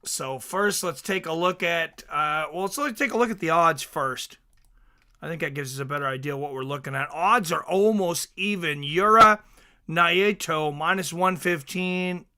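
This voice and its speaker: A man hosting a casual fight watch-along stream, chatting excitedly and reading viewer comments aloud. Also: on the high side, unhurried, smooth.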